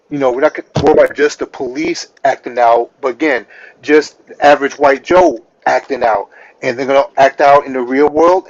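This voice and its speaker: A man's voice: fairly high pitch, dry recording, lo-fi sound. A man on a livestream panel, talking earnestly and reflectively. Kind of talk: casual livestream panel chat.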